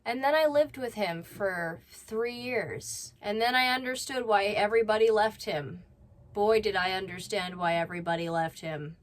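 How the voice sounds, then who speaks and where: A woman's voice: medium pitch, moderate pace. A woman hosting a reaction commentary, talking bluntly and scolding. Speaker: commentary host.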